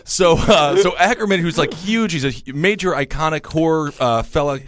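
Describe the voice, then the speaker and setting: A man co-hosting a podcast in casual comedic chat, wry and teasing, quick with jokes. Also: on the high side, no room sound. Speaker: podcast co-host.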